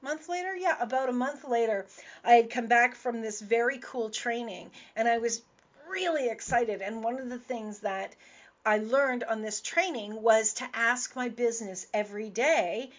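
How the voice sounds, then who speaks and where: A woman's voice: on the high side, normal speed. A woman host and business coach talking in a casual radio monologue, stressing points by repeating words. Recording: dull lo-fi audio.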